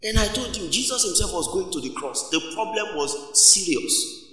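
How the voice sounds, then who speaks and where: A man preaching sends his high, bright voice out across a large church hall. The sound carries a long echo. He drives the congregation with call-and-response lines and keeps a playful, animated energy. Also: normal speed. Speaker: pastor. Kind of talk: sermon. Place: church auditorium.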